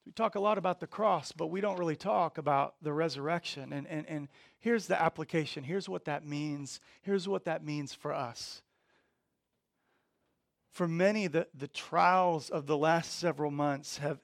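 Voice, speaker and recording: A man preaching a sermon, earnest, often repeating words and swinging from quiet to emphatic. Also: a little high, no room sound, clean studio sound. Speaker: pastor.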